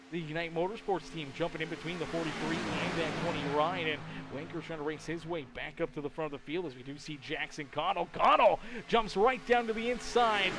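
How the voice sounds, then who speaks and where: A tired man calling a live sim race play-by-play, his voice sitting high and jumping to loud bursts on close calls. Race-car engines roar through a noisy stream mix behind him. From Canada. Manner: excitable play-by-play with sudden loud bursts and rambling asides. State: tired and yawning. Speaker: sim racing commentator.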